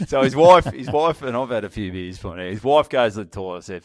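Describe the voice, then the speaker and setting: An Australian man co-hosting a casual podcast, spinning a story with a lively, swooping voice. He swears freely and acts out other people's lines. His voice sits mid-range and sounds close and dry. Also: mid-range voice, quick pace, no echo. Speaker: podcast co-host. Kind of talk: casual chat.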